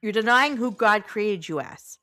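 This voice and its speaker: A woman's voice: mid-range voice, animated, measured pace, sharp tone, no echo. Blunt ranting woman game streamer. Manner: blunt, ranting, swears freely. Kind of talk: casual live-stream chat.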